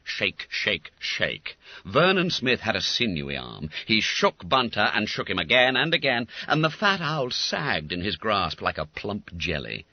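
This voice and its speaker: A man narrating an audiobook in a comic, animated storytelling manner, on a dull lo-fi recording. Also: fairly low pitch, moderate pace, few pauses, no room sound. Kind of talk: scripted narration.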